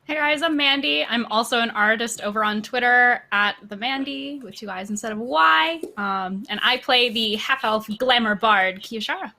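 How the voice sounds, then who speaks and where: A woman playing in a tabletop game, talking in a teasing, animated way. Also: fairly high pitch, moderate pace, creaky, few pauses. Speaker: player. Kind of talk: casual chat.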